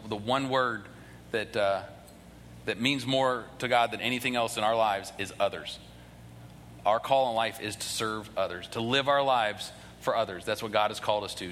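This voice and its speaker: Male pastor, bright voice, earnest sermon with frequent restarts, church hall reverb. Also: medium pitch. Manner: earnest, repeats words and restarts often. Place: church sanctuary. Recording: long hall reverb, faint noise.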